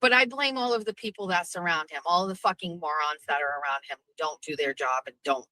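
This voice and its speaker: A middle-aged woman hosting a podcast, ranting brashly with lots of swearing and animated storytelling. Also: fairly low pitch, brisk, no room sound, poor audio. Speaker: podcast host. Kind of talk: profane livestream rant.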